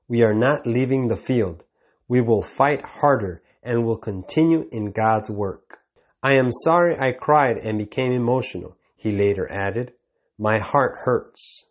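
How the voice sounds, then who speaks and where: A man presents a scripted ministry news report, reading reports and quotations at a steady, measured pace. His voice sits at an ordinary middle pitch for a man.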